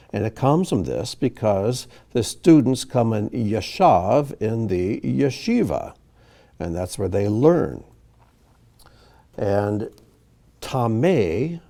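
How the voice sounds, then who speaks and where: Slow, patient man teaching Hebrew reading. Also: fairly low pitch, mellow. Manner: patient, explanatory, pauses on each word. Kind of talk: reading lesson, slow careful pronunciation.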